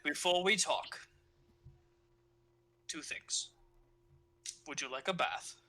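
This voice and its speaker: A woman playing a slow, hushed cult priest. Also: on the high side. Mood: dry, cold.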